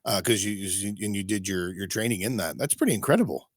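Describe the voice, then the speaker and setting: A man's voice: lowish voice, expressive, slightly rough, no echo, studio quality. A man from Kentucky hosting a casual podcast chat, asking questions eagerly and stumbling over restarts. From Eastern Kentucky. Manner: quick, stumbling restarts, enthusiastic. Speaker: podcast host.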